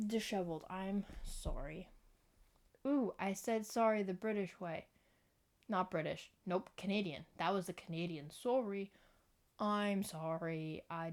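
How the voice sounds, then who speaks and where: A woman's voice: medium pitch, darkish tone. A young woman vlogging to camera at home into a microphone, rambling casually, giggling and often apologizing. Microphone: external microphone.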